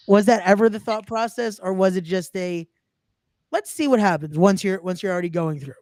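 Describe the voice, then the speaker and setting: A woman's voice: medium pitch, fairly quick, a little mellow, no room sound. Easygoing woman podcast host, dry sound. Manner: easygoing, teasing interviewer with many restarts. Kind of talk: casual interview chat.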